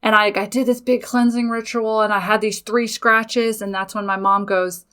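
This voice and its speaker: A woman who is a mother and a podcast host, casually telling a personal story, animated, swearing freely and talking straight to her listeners. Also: medium pitch, moderate pace, smooth. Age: adult with children.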